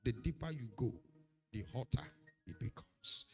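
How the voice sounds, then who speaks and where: A man preaching a sermon, swinging between loud declarations and hushed warnings. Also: medium pitch, normal speed, creaky, soft background music. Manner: dramatic, swings from shouting to hushed. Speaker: pastor.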